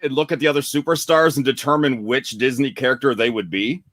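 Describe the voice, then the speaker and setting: A man's voice: medium pitch, fairly even intonation, brisk, fairly bright tone, no echo. A man co-hosting a casual chat, asking questions and teasing his co-host with lots of fillers.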